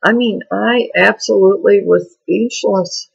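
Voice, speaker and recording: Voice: mid-range voice, fairly even intonation, unhurried, creaky, breathy edge, dull audio. A vlogger talking in a frank, rambling, confessional way in a personal video diary.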